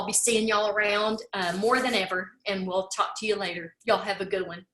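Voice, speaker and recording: A woman's voice: medium pitch, normal speed, few pauses, sharp tone, echoey room. A woman giving a heartfelt, tearful farewell speech as host of an online talk, repeating her words and saying y'all.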